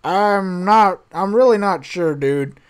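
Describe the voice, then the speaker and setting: A nervous young hacker sidekick, unsure of himself, voiced a touch higher, as a man reads him aloud from a storybook. The delivery stays close to a plain reading voice. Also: slow, smooth.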